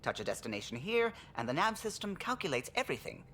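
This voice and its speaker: A man's voice: fairly high pitch, sing-song, fast, bright, forceful tone. An actor playing an eager young male alien pilot, chipper and precise, in game audio. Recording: game audio with faint noise.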